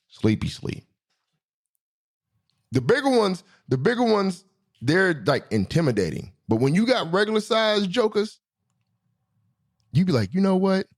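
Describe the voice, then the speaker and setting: A man hosting his own show, telling stories in a slangy, animated way, swinging between excited high bits and low asides. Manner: slangy, swearing, self-correcting. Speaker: podcast host. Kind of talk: casual storytelling monologue.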